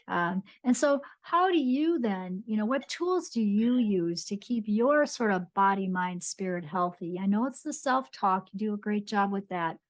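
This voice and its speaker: A woman hosting a podcast interview, affirming her guest warmly and asking gentle questions. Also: mid-range voice, no room sound. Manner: warm, affirming, frequent soft back-channel "mm-hmm". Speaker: podcast host.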